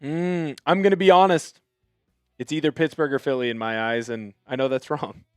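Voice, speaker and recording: A man's voice: fairly high pitch, fairly even intonation, moderate pace, clear, resonant tone, no room sound, studio quality, faint music behind. A man hosting a live sports stream, greeting chat viewers in an upbeat, chatty way. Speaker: host.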